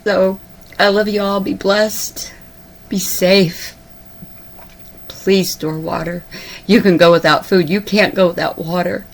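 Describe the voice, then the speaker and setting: Speaking slowly with a gravelly, medium-pitched voice and fairly even intonation, a woman preacher online appeals to her viewers with long pauses between phrases. Her urgent, emotional address turns repetitive and tearful.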